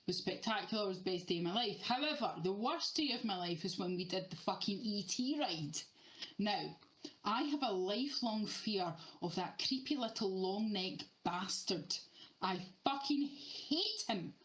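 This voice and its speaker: A woman's voice: medium pitch, animated, moderate pace, a bit bright, poor audio. A woman in her thirties co-hosting a podcast, telling stories animatedly and swearing freely in casual chat. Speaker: podcast co-host.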